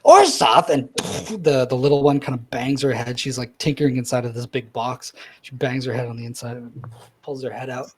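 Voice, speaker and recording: A man's voice: mid-range voice, level tone, brisk, darkish tone. A man running a tabletop game as dungeon master, narrating in a loose way that is full of filler words.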